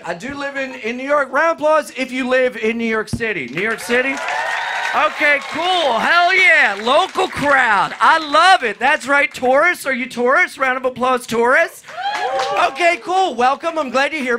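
High-voiced man doing loud, profane stand-up. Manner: loud, profane, jumps into shrieking bits. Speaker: stand-up comedian. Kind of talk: live stand-up set with crowd work. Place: comedy club with live audience. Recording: noisy live club recording.

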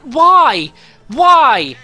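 A man's voice: extremely high pitch, sing-song, extremely slow, sharp tone. A young man commentating his own gameplay, swearing often and boiling over in frustrated outbursts. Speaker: gaming YouTuber.

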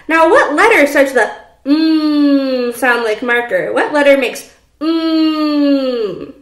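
A woman teaching a preschool phonics lesson from home, speaking slowly and repeating letter sounds for young children. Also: high voice, animated, roomy sound. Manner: slow, sing-song, repeats sounds for children. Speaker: pre-K teacher.

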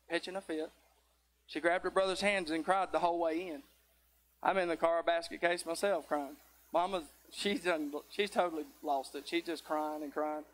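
High-voiced preacher. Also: male voice. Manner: folksy, with rising fervent exhortation; tired near the end. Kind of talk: sermon.

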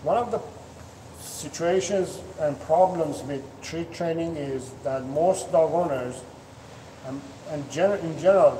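Unhurried man coaching in an echoey room. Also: fairly high pitch, mellow. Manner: earnest, coaching, with many restarts and fillers. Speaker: dog trainer. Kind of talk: instructional talk to camera. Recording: echoey room, distant mic, faint noise.

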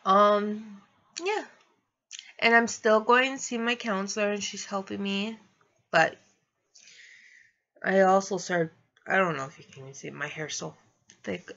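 A woman's voice: medium pitch, a little slow, creaky, long pauses, pushed and bright, highs cut off. A young adult woman vlogging, telling a personal story in a rambling, casual way and laughing through it.

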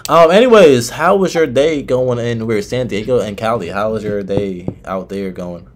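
A man in his twenties chats with strangers in a loose, teasing way. He plays at being offended. His pitch swings up and down a lot. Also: animated, unhurried, a little hiss or hum. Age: 20s. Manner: teasing, joking, mock offended. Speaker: video chat host. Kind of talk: casual chat with strangers.

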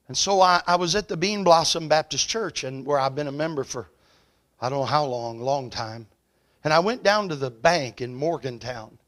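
A male evangelist delivers a storytelling revival sermon in a church. His voice sits a little high and rings bright and forceful, and he rises loud at the peaks and falls quiet at the ends of points. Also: normal speed. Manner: swells loud and high at climaxes, drops soft at closes. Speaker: evangelist preacher. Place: church sanctuary.

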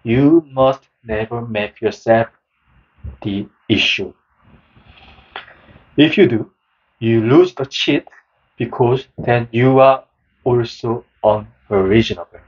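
A man narrates a book summary in a slow, measured reading voice. His tone is a little husky and sits at an ordinary pitch. The recording sounds dull and lo-fi.

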